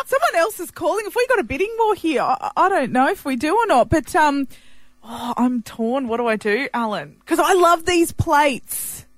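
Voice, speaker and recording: A woman's voice: high-pitched, expressive, moderate pace, no echo. A woman co-hosting a radio show, chatty and giggly in casual banter. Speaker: radio co-host.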